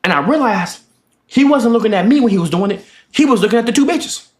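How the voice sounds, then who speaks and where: A young man telling a casual story-time vlog, animated and profane, acting out the voices of the people in his story. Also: high voice, fast talker. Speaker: vlogger.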